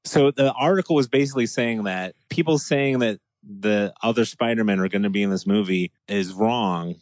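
Speaking at a normal pace in a voice on the low side, a man co-hosts a casual podcast, animatedly performing other people's quoted lines. The audio has no room sound.

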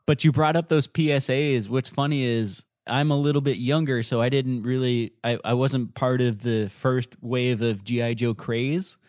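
A man's voice: mid-range voice, fairly even intonation, normal speed, hardly any pauses, darkish tone, no room sound, clean studio sound. A man in his thirties co-hosting a casual chat, easygoing and agreeable with joking asides. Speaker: podcast co-host.

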